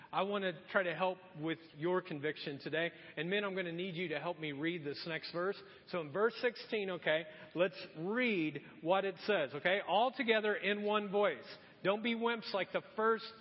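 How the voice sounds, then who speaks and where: A man preaching a sermon in a church, telling stories in a lively way and addressing the congregation directly, heard in a dull, echoey recording. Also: high-pitched, normal speed. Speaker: pastor.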